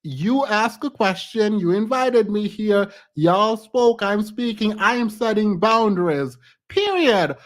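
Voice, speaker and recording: A woman's voice: mid-range voice, lively intonation, slow pace. A woman reacting to a clip in casual commentary, outspoken and laughing often between remarks.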